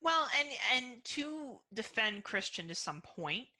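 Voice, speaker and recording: A woman's voice: fairly high pitch, big pitch swings, slow pace, bright, forceful tone. A woman co-hosting a podcast in casual chat, candid and swearing freely, thinking aloud with lots of "like"s. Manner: talkative, thinks aloud with many "like"s. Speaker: podcast co-host.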